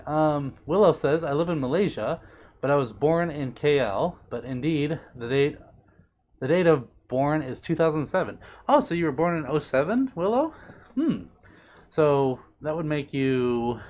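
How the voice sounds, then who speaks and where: Bubbly, doting man chatting on a stream. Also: lo-fi sound. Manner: playful, doting, bubbly, with big pitch swings. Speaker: livestreamer reading chat. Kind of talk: casual live-stream chat.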